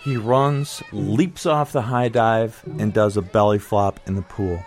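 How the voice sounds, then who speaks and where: A man's voice: fairly low pitch, measured pace, soft background music. A middle-aged man telling a childhood story in a conversational, wry, nostalgic way. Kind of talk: personal storytelling.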